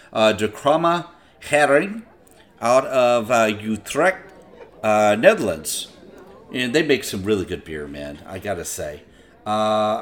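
A man hosting a podcast, tasting and rating a beer in a loose, profane, chatty way with lots of filler. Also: medium pitch. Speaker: podcast host reviewing beer. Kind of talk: casual beer-tasting chat.

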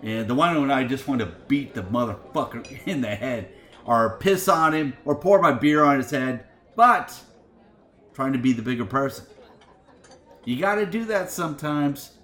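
A man's voice: mid-range voice, normal speed, reverberant. A middle-aged man hosting a music show, telling an indignant, profane story with laughs. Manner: animated, swearing, laughing, indignant. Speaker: radio show host.

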